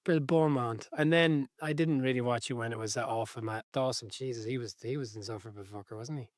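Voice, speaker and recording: A man from Ireland co-hosting a casual podcast, telling stories in a relaxed, wry way. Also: medium pitch, fast, no room sound, studio quality. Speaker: podcast co-host. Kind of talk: casual chat.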